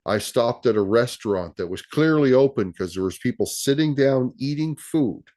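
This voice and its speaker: A man's voice: mid-range voice, expressive, moderate pace, darkish tone. A man who is a guest on a live stream explains things in casual talk, often repeating words and restarting his sentences. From Canada. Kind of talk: casual conversation.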